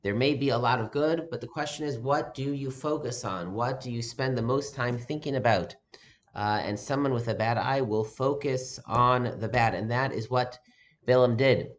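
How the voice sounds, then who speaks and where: A male rabbi delivers a sermon at an even, mid-range pitch. He speaks in a measured way and pauses often on "uh" between phrases.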